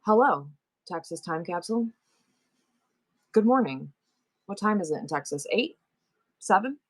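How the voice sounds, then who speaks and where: A woman's voice: lowish voice, lively intonation, unhurried. A middle-aged woman with a New York accent, hosting a live selling stream and chatting playfully with her viewers. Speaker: livestream seller.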